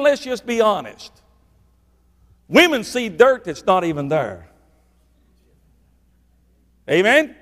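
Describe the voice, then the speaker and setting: A middle-aged man, preaching a sermon and swinging between loud bursts and hushed, low lines for emphasis. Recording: echoey hall reverb.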